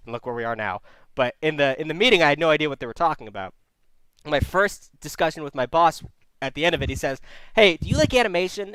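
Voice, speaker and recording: A man hosting a casual call-in stream chat, joking and animated, with a voice he describes as low but squeaky. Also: clear, resonant tone, dry recording. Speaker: host.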